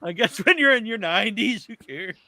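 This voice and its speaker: A man telling a long, rambling anecdote on a podcast, his high voice swinging widely as he goes. His tone is bright, and the recording is close and dry. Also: fairly quick, dry recording. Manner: animated, rambling, restarts often. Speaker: podcast co-host. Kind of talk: casual storytelling chat.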